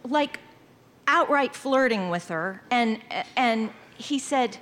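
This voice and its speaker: Woman guest, unhurried storyteller, animated and laughing, light background noise. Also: on the high side. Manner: animated, laughs often, acts out quoted voices. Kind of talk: casual interview anecdotes.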